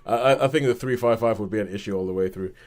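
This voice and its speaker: A man's voice: on the low side, quick pace. Chatty man reviewing films on a podcast. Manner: animated retelling with acted-out quotes and laughs. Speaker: podcast co-host, film reviewer. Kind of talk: casual film review chat.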